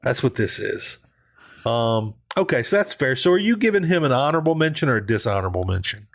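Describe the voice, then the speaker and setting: A man's voice: mid-range voice, sing-song, fairly quick, creaky. A man co-hosting a podcast in casual chat, joking and teasing as he talks. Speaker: podcast co-host.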